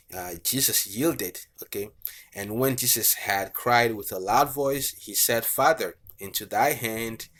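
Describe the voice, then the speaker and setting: Low-ish guy preaching, reading bible verses, lots of uh and okay. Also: a bit bright, breathy edge. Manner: reads scripture aloud, frequent fillers and "okay". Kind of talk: bible teaching sermon.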